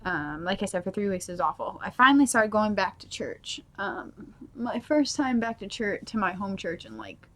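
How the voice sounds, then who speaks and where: A woman's voice: medium pitch, expressive, normal speed, hardly any pauses, sharp tone. Young woman rambling through a testimony. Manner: casual, rambling, with many filler words. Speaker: mother sharing her faith testimony. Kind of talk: personal testimony vlog. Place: at home.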